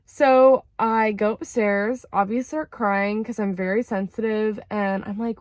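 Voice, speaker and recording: A young woman chatting casually to camera about therapy, lively and expressive, acting out quoted lines with big jumps in pitch. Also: a little slow, hardly any pauses, dry recording. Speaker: vlogger sharing therapy insights.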